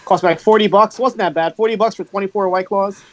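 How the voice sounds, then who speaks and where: A man joining a live podcast stream as a guest, chatting in a loose, chatty way over drinks. His voice sits high for a man. He rambles casually and easily. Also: fast talker.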